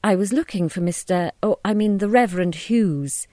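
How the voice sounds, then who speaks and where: A woman's voice: mid-range voice, moderate pace, dark tone, no room sound, clean studio sound, close to an everyday voice. A woman voicing a polite, hesitant mother in a storybook reading. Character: anxious polite mother visiting a village.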